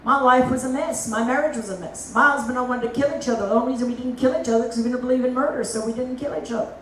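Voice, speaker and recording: A middle-aged woman evangelist gives a lively testimony sermon, full of folksy asides. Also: on the high side, rapid-fire, a little hiss or hum. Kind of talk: testimony preaching. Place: church meeting hall. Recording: echoey hall, mic at a distance.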